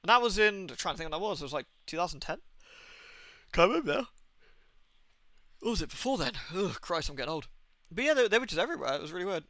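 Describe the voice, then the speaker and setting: Bright-voiced British man rambling casually. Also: sits high, very animated, quick pace, long pauses, no room sound. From Britain. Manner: rambling, anecdotal, swears freely. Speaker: game streamer. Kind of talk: casual gaming stream chat.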